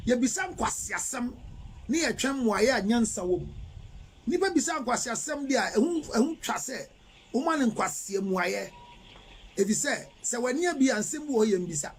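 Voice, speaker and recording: On a live stream, a middle-aged Ghanaian-accented counselor reads viewer messages and dispenses relationship advice, lecturing with emphasis and asking rhetorical questions. His voice is extremely high and slightly rough.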